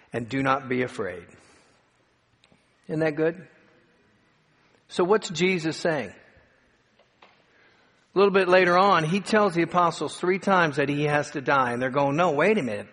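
A male pastor preaching a sermon, slowing down and building to emphatic peaks as he tells stories and reads scripture. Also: a little high, a bit bright. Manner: dramatic preaching with slowed emphatic phrases and rising peaks. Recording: long hall reverb.

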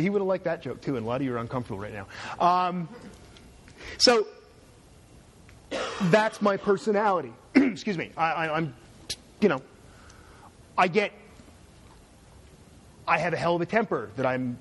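A man's voice: a little high, lively intonation, normal speed, long pauses, a little hiss or hum. A middle-aged man giving a university lecture, sarcastic and full of joking asides. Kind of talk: classroom lecture.

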